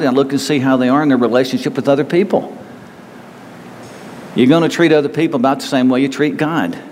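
In a reverberant hall carrying faint room noise, a pastor gives a conversational sermon in a mid-range, slightly mellow voice. He often slips into the voices of self-centered people.

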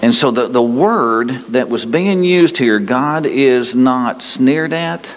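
A man preaching a sermon as pastor, emphatic and folksy, repeating himself and talking straight to his listeners. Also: medium pitch. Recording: long hall reverb.

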